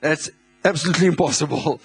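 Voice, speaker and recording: A man from South Africa, a visiting pastor, preaching a sermon in a church, excitable, laughing often and repeating words. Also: on the high side, fast talker, vocal fry, breathy edge. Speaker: guest pastor.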